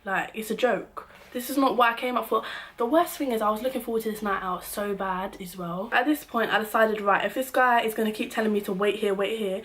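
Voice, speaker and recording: A young woman recounting a night out for her vlog, her voice sitting at an ordinary middle pitch. She talks in a lively, slang-filled, exasperated storytelling manner. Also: brisk. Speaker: vlogger.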